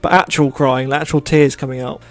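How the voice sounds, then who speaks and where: A man's voice: medium pitch, little pitch movement, a little fast, soft background music. A man playing a tabletop role-playing game, chatting casually and playfully. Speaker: player. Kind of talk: tabletop role-play chat.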